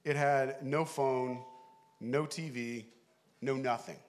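A middle-aged man preaching a sermon, telling a story animatedly, laughing along and shouting the lines he quotes. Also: mid-range voice, fairly even intonation, slow pace. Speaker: pastor.

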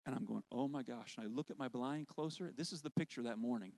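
A worship leader preaching with lively, conversational storytelling. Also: male voice, mid-range voice, fast talker, gravelly. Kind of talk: sermon storytelling.

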